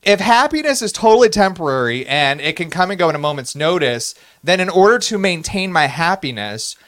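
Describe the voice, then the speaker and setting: A man with a fairly high voice co-hosts a casual faith podcast. He talks playfully and builds each point by repeating his phrases, like a sermon in conversation. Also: very animated, fairly quick, fairly bright tone. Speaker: podcast co-host.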